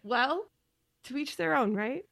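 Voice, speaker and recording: A woman's voice: high-pitched, lively intonation, slow pace, gravelly, a bit bright, dry recording, studio quality. A woman in her thirties co-hosting a podcast in casual chat, who laughs often and trails off and restarts her sentences. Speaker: podcast co-host.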